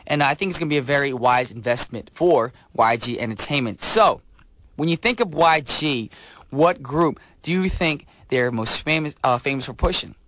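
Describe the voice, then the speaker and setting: A man's voice: mid-range voice, lively intonation, moderate pace, a bit bright. Upbeat male radio DJ. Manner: upbeat, chatty with fillers. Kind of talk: radio show hosting. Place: radio studio. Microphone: studio mic.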